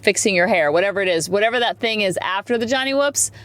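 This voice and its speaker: A woman's voice: mid-range voice, lively intonation, fast talker, fairly bright tone, no room sound. Woman in her forties, chatty parenting podcast host, rambling asides, close dry mic. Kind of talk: casual solo podcast talk.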